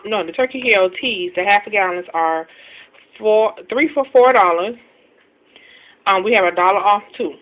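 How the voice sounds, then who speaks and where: A woman in a casual home haul video, talking quickly and chattily about her shopping with many ums and self-deprecating asides. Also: medium pitch. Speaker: couponing vlogger showing a grocery haul. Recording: tinny phone-like sound, faint hiss.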